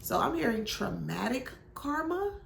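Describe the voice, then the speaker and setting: A woman's voice: high voice, very animated, measured pace, vocal fry, fairly bright tone, roomy sound, a little hiss or hum. A woman doing a casual tarot reading, musing aloud in slangy speech with sudden exclamations. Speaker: tarot reader.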